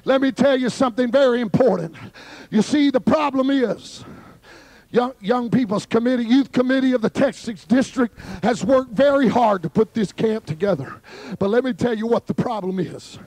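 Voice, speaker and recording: Male Pentecostal preacher with a very high, raspy, fry-laced voice and fervent delivery. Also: normal speed, no echo. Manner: fervent, shouting in bursts. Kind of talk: Pentecostal sermon. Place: youth camp service.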